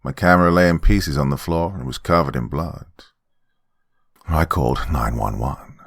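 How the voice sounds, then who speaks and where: Very deep-voiced male horror narrator. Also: normal speed, husky, dry recording, studio quality. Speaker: horror podcast host and narrator. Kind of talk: first-person horror story narration.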